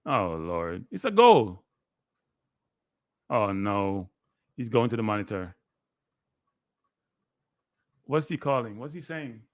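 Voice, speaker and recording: A man, a guest analyst giving excitable live play-by-play commentary on a match he is watching. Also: lowish voice, takes it slowly, long pauses, dry recording. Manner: excitable, play-by-play that bursts into shouting.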